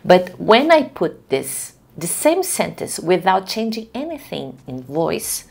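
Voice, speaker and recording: Slow, gravelly woman teaching a voice class. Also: fairly low pitch, big pitch swings, darkish tone. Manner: slow, deliberate teaching with frequent restarts. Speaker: voice coach. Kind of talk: online class lecture.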